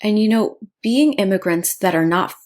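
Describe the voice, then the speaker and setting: A woman's voice: mid-range voice, animated, normal speed, a little mellow. A young woman born in the United States telling a personal story on her vlog in an earnest, indignant way. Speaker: vlogger.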